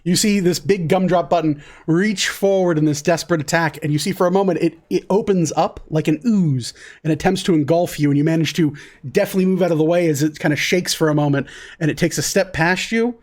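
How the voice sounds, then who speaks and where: A woman narrating as the game master of a tabletop game, describing scenes calmly and in detail. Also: lowish voice, a little fast.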